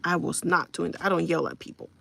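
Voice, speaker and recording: A woman's voice: lowish voice, fairly even intonation, fast, gravelly, a bit bright. A woman live streaming, telling a long exasperated story to her viewers and checking in with them as she vents. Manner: exasperated, venting with repeated asides to the audience. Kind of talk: casual storytelling rant to viewers.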